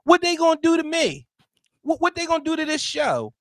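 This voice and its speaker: High-voiced man ranting loudly, dry sound. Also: huge pitch swings, fairly quick, no echo. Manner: emphatic, loud and blunt. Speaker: guest commentator. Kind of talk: heated podcast talk.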